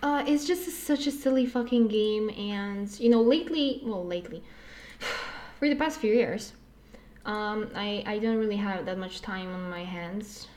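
A woman's voice: mid-range voice, a little slow, a little mellow. A woman chatting casually as a guest, in a medium, ordinary voice. She swears freely and mocks herself with a dry, joking edge. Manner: swears freely, jokey and self-mocking. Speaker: podcast guest. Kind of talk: casual chat.

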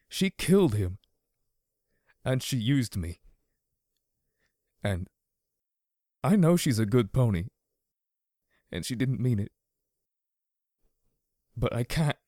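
A man's voice: lowish voice, moderate pace, pauses often, no room sound, clean studio sound, lightly acted. A man voicing a normally stoic young male pony whose voice is now strained, trembling and brittle. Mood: trembling, raw. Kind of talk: audiobook character voice.

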